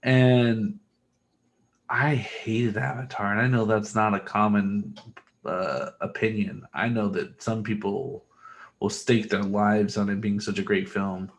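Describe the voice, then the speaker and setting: A man's voice: on the low side, fairly even intonation, slow. A man co-hosting a podcast, telling long rambling stories in casual chat and swearing freely. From Texas. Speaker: podcast co-host.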